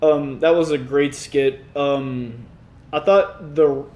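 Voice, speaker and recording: A man co-hosting a podcast in casual chat, laughing often and breaking into animated voices to quote sketches. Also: fairly high pitch, slow, roomy sound. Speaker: podcast co-host.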